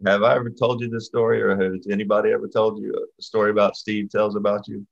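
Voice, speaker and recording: A man hosting a talk show, chatting casually with a relaxed, hesitant delivery full of fillers. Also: fairly low pitch, fast, creaky, lo-fi sound. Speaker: podcast host. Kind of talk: casual chat.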